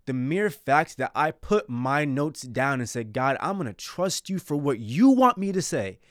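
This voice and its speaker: A man's voice: mid-range voice, clean tone, dry recording, clean studio sound. A man hosting his own podcast, talking earnestly and a bit rambling about faith and failure. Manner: earnest, rambling, self-reflective. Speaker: podcast host.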